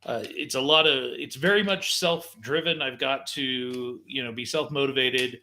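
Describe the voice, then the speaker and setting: A man co-hosting a live talk show, speaking casually in a dry, teasing, measured way. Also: mid-range voice, pushed and bright, a little hiss or hum. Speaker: podcast co-host. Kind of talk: casual chat.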